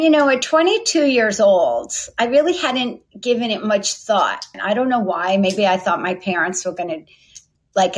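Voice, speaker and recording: A middle-aged woman, a company founder, telling a long story from her past in a chatty, lively way, acting out the voices of people she quotes. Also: mid-range voice. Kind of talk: storytelling interview answer.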